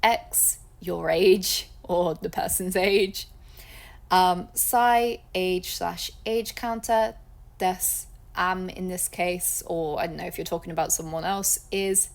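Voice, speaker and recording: A woman's voice: on the low side, slow, creaky. A woman, from England, teaching a beginners' language lesson in a chatty, upbeat way. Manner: chatty and upbeat, laughs at her own slips. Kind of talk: casual online lesson.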